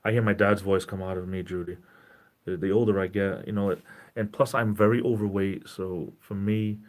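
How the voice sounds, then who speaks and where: A man in his forties chatting casually on a live stream in a gentle, caring tone, rambling and breaking off mid-sentence as he greets viewers. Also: deep voice, steady tone, moderate pace. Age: 40s. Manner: rambling, self-interrupting, greets chat viewers.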